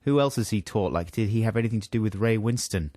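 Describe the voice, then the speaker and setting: A man's voice: on the low side, fast talker, warm tone, dry recording. A man co-hosting a casual radio chat in a studio, answering in short, laid-back remarks. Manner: laid-back, chuckling replies. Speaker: radio co-host. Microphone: studio microphone.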